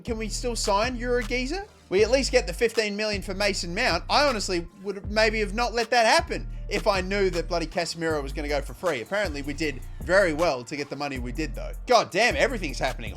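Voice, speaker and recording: High-pitched aussie guy yelling over his football game, faint music under it. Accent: Australian. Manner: animated, swears casually, shouts at goals. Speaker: gaming YouTuber. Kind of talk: excitable video game commentary.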